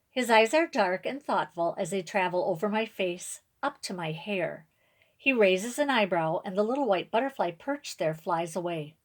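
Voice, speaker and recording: A woman reading a picture book aloud to viewers on camera, gently, pausing for asides to her audience. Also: on the low side.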